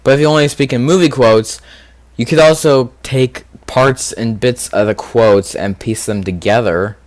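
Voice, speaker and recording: Male gaming video host, mid-pitched, casual and rambling, thinks aloud with fillers. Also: moderate pace, no room sound. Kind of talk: casual commentary on a quiz game.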